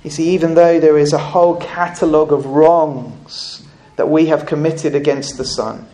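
A man's voice: fairly high pitch, fairly even intonation, normal speed, dark tone. A man preaching a sermon at a church service, earnest and often repeating words as he goes.

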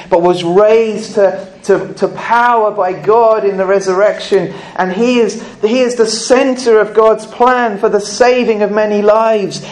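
A man's voice: high-pitched, a little mellow. A man preaching a sermon at a church service, earnest and often repeating words as he goes.

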